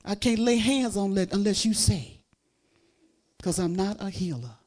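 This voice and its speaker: A woman preaching a sermon, moving between fervent, loud exclamations of praise and quiet, intimate storytelling. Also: mid-range voice, lively intonation, a little slow.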